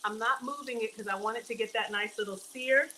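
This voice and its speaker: A woman's voice: fairly high pitch, a little fast, bright, forceful tone, a little hiss or hum, low-quality recording. A woman livestreaming from her home kitchen, chatting casually with viewers while she cooks and calling them y'all. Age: young adult to middle-aged. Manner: chatty, addresses viewers as y'all, reads donations aloud. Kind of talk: casual cooking livestream chat.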